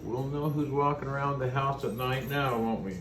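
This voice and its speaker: An older grandfather tells a story at home in a chatty, chuckling way and teases his family and pets fondly. His voice sits in an ordinary middle pitch. The room echoes, and a steady background noise runs under his voice. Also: normal speed.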